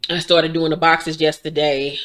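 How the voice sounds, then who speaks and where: A woman in her forties, tired and yawning, recapping a reality show in casual, animated talk full of swearing and laughter. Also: deep voice, normal speed. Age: 40s.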